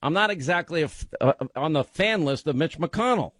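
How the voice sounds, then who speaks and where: A middle-aged man hosts a call-in radio show, ranting forcefully with a frustrated edge. His voice sits a little high. The studio sound is dry and close. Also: lively intonation, a little fast, no echo. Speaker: radio talk show host.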